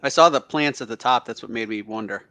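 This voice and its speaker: Man, brief remarks, bright voice, dry close sound. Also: medium pitch, fast talker, dry recording. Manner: brief, agreeable replies. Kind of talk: casual chat.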